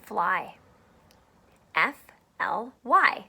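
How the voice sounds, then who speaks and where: A woman teacher giving a phonics lesson to young children, speaking slowly and clearly in a sing-song, playful way. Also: a little high, fairly bright tone.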